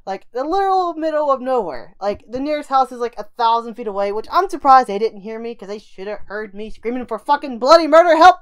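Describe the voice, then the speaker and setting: Young woman vlogger, rapid rambling storyteller, clean clear voice, laid up with an injured ankle. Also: on the high side, lively intonation. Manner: rambling, fast, lots of "right?" and "like". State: recovering from a broken ankle, still in some pain. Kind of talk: casual story time.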